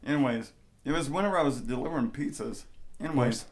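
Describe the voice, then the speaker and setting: Twenties male co-host, rambling profane storyteller, mid-pitched everyday voice. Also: fast, a little mellow. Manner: rambling, profane, repeats "anyways". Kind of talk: casual chat.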